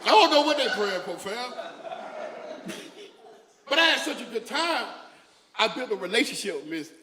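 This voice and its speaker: High-voiced man doing stand-up in an echoey hall. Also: sing-song, normal speed, noisy background. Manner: loose, conversational storytelling with crowd asides. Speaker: stand-up comedian. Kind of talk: stand-up comedy set. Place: comedy stage in a hall. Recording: echoey hall with long reverb.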